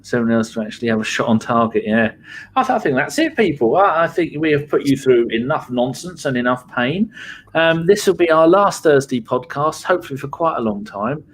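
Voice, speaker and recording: Brisk, sweary podcast host. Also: male voice, medium pitch, animated, a little hiss or hum. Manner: brisk, sweary, wry, steers the show along. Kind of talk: casual football podcast chat.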